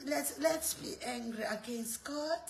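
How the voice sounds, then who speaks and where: A woman's voice: sits high, unhurried, vocal fry, slight background noise, voice pushed down. A woman preacher voicing the devil as a sly tempter who sweet-talks the listener with pet names. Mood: coaxing.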